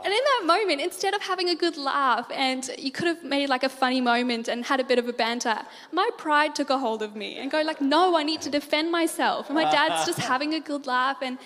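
A woman giving a church talk, animated and laughing easily as she tells stories. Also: high voice, a little fast, hardly any pauses, in a large hall. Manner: animated storyteller, laughs often. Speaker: church speaker.

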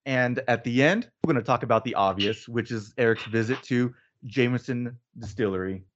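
A man hosting a casual podcast, relaxed and jokey, sometimes trailing off quietly. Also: mid-range voice, normal speed, lo-fi sound. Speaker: podcast host. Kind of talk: casual chat.

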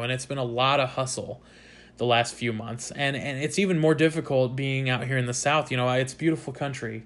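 A young man from the United States hosts his own show, recounting a personal story in a loose, candid monologue. He gets animated and swears freely as he retells it, in a voice of middling pitch. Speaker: podcast host.

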